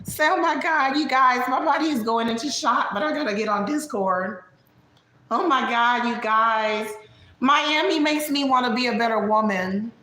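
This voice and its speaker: A hoarse woman putting on a loud, brash, excitable female friend who shouts and shrieks. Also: moderate pace, reverberant, rough recording. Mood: squealing. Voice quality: shrill, yelling.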